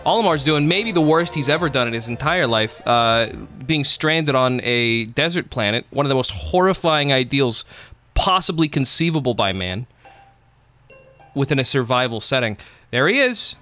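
A man's voice: mid-range voice, lively intonation, moderate pace, pushed and bright, soft background music. A man streaming live gameplay, chatting casually in a rambling, profane, jokey way and thanking viewers.

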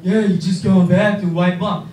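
A man's voice: high-pitched, little pitch movement, brisk, a little mellow, recorded from a distance, slight background noise, pitched below the performer's own voice, natural voice. A man voicing his laid-back, know-it-all brother who hands out matter-of-fact advice. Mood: smug. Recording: echoey room from afar, crowd.

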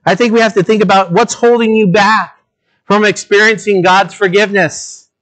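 Man, pastor, sermon delivery, slightly high voice, earnest and direct, big swings between hushed emphasis and urgent appeal. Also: steady tone. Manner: dramatic shifts between low, slow emphasis and raised, urgent appeals; earnest, direct address to listeners.

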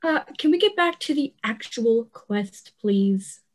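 A woman's voice: a little high, animated, slow pace. A young woman playing a dry, sarcastic teen girl. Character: sarcastic teenage girl adventurer. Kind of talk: stage play acting.

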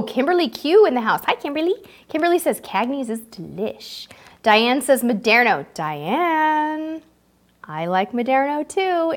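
A woman hosting a casual livestream, chatting brightly and reading out viewer comments with frequent laughs. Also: fairly high pitch. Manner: bubbly, reads viewer comments aloud, laughs often. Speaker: livestream host.

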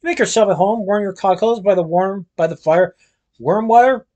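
A man's voice: sits high, moderate pace, a little mellow, lo-fi sound, voice pushed up, lightly acted. A man voicing a greasy, bossy middle-aged landlady with a harsh, screechy voice.

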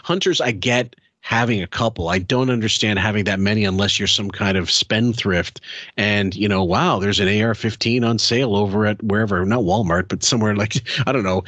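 A man's voice: on the low side, brisk, a bit bright, no echo. A man hosting a casual podcast, talking in a rambling, wry way with the odd chuckle into a close mic. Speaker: podcast host.

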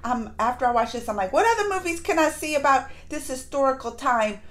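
A woman reviewing a movie in a casual vlog, gushing and excitable, with lots of fillers and restarts. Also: high-pitched. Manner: acts out lines in quick put-on voices. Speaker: movie reaction vlogger. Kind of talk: casual chat.

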